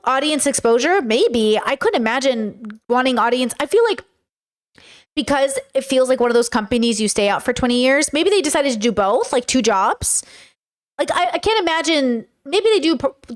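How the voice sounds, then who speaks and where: A woman's voice: high-pitched, animated, normal speed. A young woman streaming, chatting casually and rambling in reaction to clips, full of fillers and swearing. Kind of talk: casual reaction chat to a live chat.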